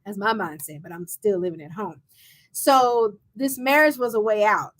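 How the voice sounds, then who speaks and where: Woman host, telling her own story animatedly, bright and expressive. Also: mid-range voice, moderate pace. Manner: animated, acts out quoted voices with laughs. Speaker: show host and founder. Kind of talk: personal storytelling to a live audience.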